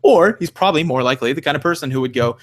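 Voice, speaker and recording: Male podcast co-host, quick and rambling delivery, pitched a bit high, swears freely and voices the people he quotes. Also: expressive. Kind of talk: casual podcast discussion.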